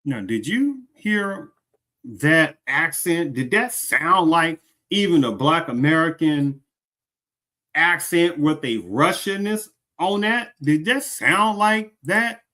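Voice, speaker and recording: This commentary host speaks slowly in a slightly high, animated voice with a bright, forceful edge. Over a streaming mic, he reacts to a clip and keeps throwing rhetorical questions at his viewers.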